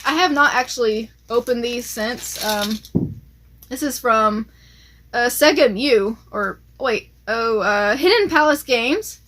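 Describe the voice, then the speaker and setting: A bubbly woman with a bright, high voice, talking through her collection in a loose, chatty way. She gets excited easily and keeps reaching for "like" and "uh" as she goes. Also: takes it slowly. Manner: chatty, excitable, lots of fillers. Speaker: collector vlogger. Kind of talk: casual show-and-tell chat.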